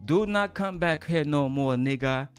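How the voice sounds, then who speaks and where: An irritated male shopkeeper scolds in clipped, curt phrases with a somewhat raised pitch and a firm push, as a man puts him on mid-story. He sounds fed up and dismissive. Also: measured pace, clear, resonant tone, soft background music, lightly acted. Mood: scolding.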